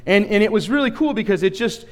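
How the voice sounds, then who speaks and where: Male pastor, animated storyteller, slightly high voice, long hall reverb. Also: fast talker. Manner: animated storytelling with asides to the room. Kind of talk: sermon.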